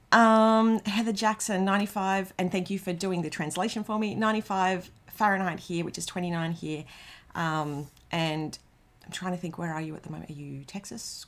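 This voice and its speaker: This Australian livestream host, with a mid-range and slightly bright voice, reads out viewer comments in a loose, rambling chat. Ums and restarts come up a lot.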